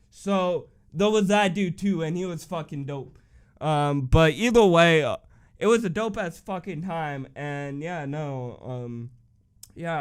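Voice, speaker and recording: A man's voice: on the high side, clean tone. A young man, telling a blunt, profane, rambling story in a casual vlog. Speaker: vlogger.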